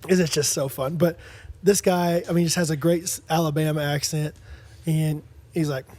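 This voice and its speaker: A man's voice: a little high, normal speed. A man co-hosting a podcast in casual chat, animatedly telling stories and acting out the dialogue. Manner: animated storyteller, acts out dialogue. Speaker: podcast co-host.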